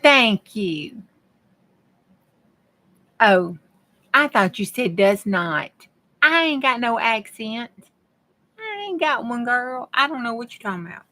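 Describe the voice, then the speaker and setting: A woman's voice: fairly high pitch, animated, takes it slowly, long pauses, bright, forceful tone. A middle-aged woman, chatting to her viewers in a folksy way while she works on a craft project. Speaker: craft vlogger. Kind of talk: casual chat while crafting.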